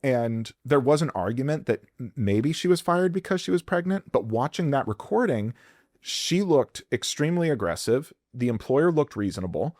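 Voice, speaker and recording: A man's voice: mid-range voice, lively intonation, moderate pace, darkish tone, dry recording, studio quality. A man giving blunt, profane workplace advice in a podcast interview, often acting out quoted voices. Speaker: employment lawyer guest.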